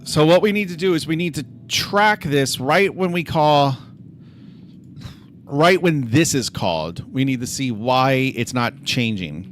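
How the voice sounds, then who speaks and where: Man thinking aloud, lively pitch. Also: a little slow, a little hiss or hum. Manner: thinks aloud, mutters to himself and addresses chat directly. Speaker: game developer streaming his work. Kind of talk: casual livestream chat while coding.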